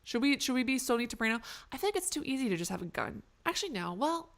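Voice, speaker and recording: A woman's voice: high voice, big pitch swings, fast, vocal fry, hardly any pauses. A young woman streamer chatting casually to her viewers while playing a game, swearing and joking. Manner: chatty, self-mocking, swears and laughs a lot. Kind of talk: live game stream commentary.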